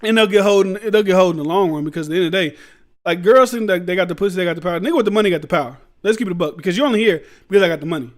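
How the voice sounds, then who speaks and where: A man's voice: sits high, racing. A man hosting a podcast, giving blunt, rambling commentary in slangy street talk. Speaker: podcast host. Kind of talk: casual commentary.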